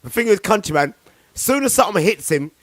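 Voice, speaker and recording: A man's voice: high voice, animated, fairly quick, dry recording. A man co-hosting a casual online radio show, teasing his partner and laughing often. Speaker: co-host.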